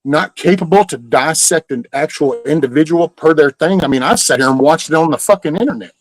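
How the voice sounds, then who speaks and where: A man's voice: on the high side, fairly quick, poor audio. A middle-aged man, ranting casually and profanely as host of a live stream. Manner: profane, heated storytelling.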